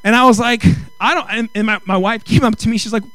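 A middle-aged male pastor preaching a sermon with comic storytelling, animated and acting out dialogue. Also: sits high, fast, dry recording, low-quality recording. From Mexican heritage. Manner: animated, acts out quoted dialogue, rising to exclaim.

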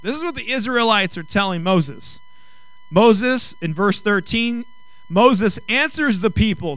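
High bright-voiced male preacher. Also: expressive, unhurried, no echo. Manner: emphatic, rising to loud stretched phrases on key lines. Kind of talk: sermon.

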